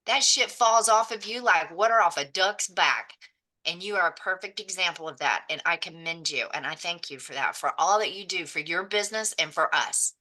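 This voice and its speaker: A woman's voice: lowish voice, normal speed, pushed and bright. A woman giving an impassioned, preachy motivational speech on a video call, blunt and swearing freely. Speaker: real estate agent in a mastermind group.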